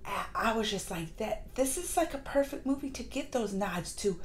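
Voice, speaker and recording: A woman reviewing a movie in a casual vlog, gushing and excitable, with lots of fillers and restarts. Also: mid-range voice, slight background noise. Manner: acts out lines in quick put-on voices. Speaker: movie reaction vlogger. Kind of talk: casual chat.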